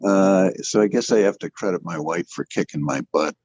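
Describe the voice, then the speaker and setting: A man's voice: low voice, normal speed, darkish tone, slightly rough, no room sound, highs cut off. An older man telling his career story in a rambling, self-deprecating way, often restarting his sentences. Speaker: interview guest, animator. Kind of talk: casual storytelling.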